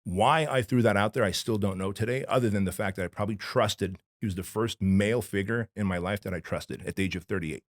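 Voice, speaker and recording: A man's voice: on the low side, fast talker, hardly any pauses, no echo, studio quality. A man from Armenia, a podcast guest telling his personal story candidly, in a blunt, emphatic, slangy way. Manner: emphatic, blunt and slangy, addressing the host as dude and bro.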